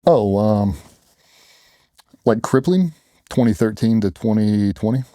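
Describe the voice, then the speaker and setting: A man's voice: fairly low pitch, expressive, slow pace, dark tone, no room sound, studio quality. A middle-aged man, a former special operations operator, telling his story in blunt, earnest conversational speech as an interview guest. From United States. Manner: earnest, blunt, quotes others in raised voices.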